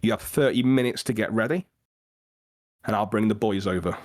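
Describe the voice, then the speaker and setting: A man's voice: fairly low pitch, brisk, a little mellow, lightly acted. A man voicing Brill, a blunt bandit. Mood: curt. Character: lanky male bandit lieutenant, curt.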